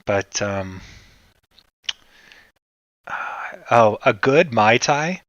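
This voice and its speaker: A man from Canada hosting a casual livestream, rambling in a relaxed way and answering his chat. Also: on the low side, drawn-out words, dry recording, muffled recording. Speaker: livestream host.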